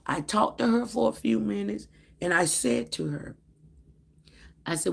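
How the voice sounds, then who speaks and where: A woman's voice: medium pitch, moderate pace, gravelly, long pauses, husky. A woman telling a storytime vlog in a casual way, acting out the dialogue of the people in her story. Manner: animated storytelling that acts out quoted dialogue. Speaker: vlogger.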